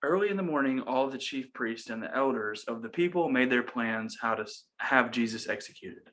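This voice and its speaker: A young man with a bright, forward voice leads a relaxed Bible study chat. He reads verses aloud in an easy, joking way and breaks off for banter. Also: medium pitch, a little fast. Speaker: podcast co-host.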